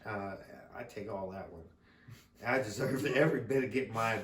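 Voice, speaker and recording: A man's voice: on the low side, normal speed. A middle-aged man, a father, casually telling a rambling story on a podcast, laughing often and swearing freely. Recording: roomy sound from a distant mic.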